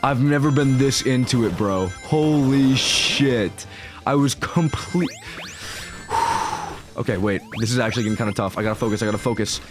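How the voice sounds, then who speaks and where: A young man gushing through let's-play commentary, casual and excited, with slang and swearing. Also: mid-range voice, a little fast, over music. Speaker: gaming streamer.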